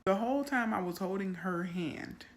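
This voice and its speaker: A woman telling a personal faith story in casual testimony style, animated when she quotes her young daughter. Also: mid-range voice, normal speed. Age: adult mother. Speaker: Christian content creator.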